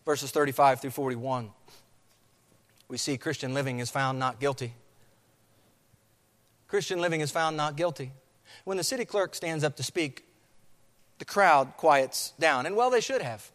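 Guy preaching, kinda high voice, big hall echo, acts out the crowd yelling. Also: a little slow, long pauses. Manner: dramatic, acts out crowd chants. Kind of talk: sermon. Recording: long hall reverb.

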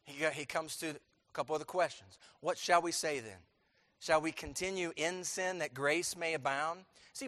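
Emphatic high-voiced preacher in a reverberant hall. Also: male voice. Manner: emphatic preaching with rhetorical questions and forceful outbursts. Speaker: pastor. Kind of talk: sermon.

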